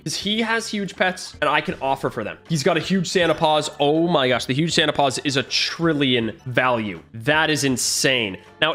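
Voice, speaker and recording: A man's voice: a little high, a bit bright. A man giving casual gameplay commentary as a gaming YouTuber. He chats with viewers and thinks aloud as he tallies trade values. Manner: talks straight to viewers.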